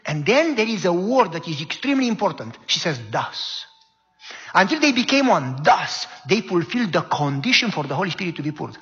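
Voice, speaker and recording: A man's voice: sits high, sing-song, fast, hardly any pauses, a bit bright. A middle-aged male pastor preaching emphatically, asking the congregation rhetorical questions. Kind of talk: sermon. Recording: muffled hall reverb.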